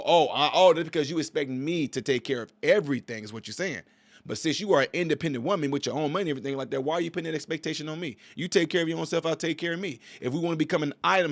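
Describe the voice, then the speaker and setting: A man's voice: on the high side, dry recording. A man in his forties giving opinionated reaction commentary on a video clip, emphatic and preachy, repeating himself.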